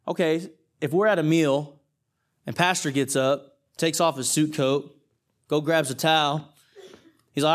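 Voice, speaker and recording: A male pastor gives a casual, conversational sermon, reading scripture and stopping to joke with the congregation. His voice sits fairly high for a man. He grows animated as he retells the story. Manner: joking, animated, talks straight to the congregation.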